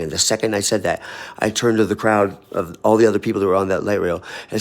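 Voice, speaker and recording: A man's voice: on the low side, fairly even intonation, fast. A man telling a personal story to camera in an emphatic, intense way.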